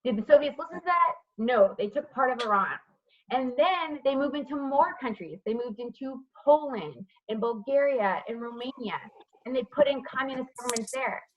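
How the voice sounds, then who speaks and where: A woman's voice: high-pitched, animated, moderate pace, highs cut off. A woman teaching history over a video call, asking students questions by name and checking with "right?". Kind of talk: online class lecture with questions. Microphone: computer mic on a video call.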